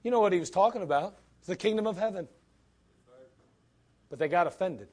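A man's voice: sits high, expressive, fairly quick, a little mellow. A man preaching a sermon in a blunt, emphatic way, full of rhetorical questions.

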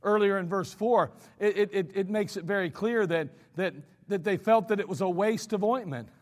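American pastor, man; high pitch, conversational sermon with animated quotes, long church reverb. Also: moderate pace. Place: church sanctuary.

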